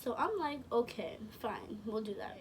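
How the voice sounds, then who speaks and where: A young woman spins a casual, slangy story, doubling back to correct herself as she goes. Her voice sits a little high, and it is picked up from a bit away from the mic, with a faint hum of room noise behind. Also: sing-song, moderate pace, recorded from a distance, low-quality recording. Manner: rambling, self-correcting, slangy. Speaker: vlogger.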